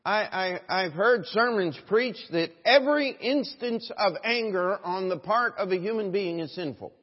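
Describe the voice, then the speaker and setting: A male pastor with a high, husky voice preaches to his congregation, dropping to quiet reflection and then building to loud, emphatic exhortation while often asking them for an "Amen?". The long reverb of the church trails behind every phrase, and the recording sounds somewhat dull. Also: unhurried. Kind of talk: sermon. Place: church sanctuary.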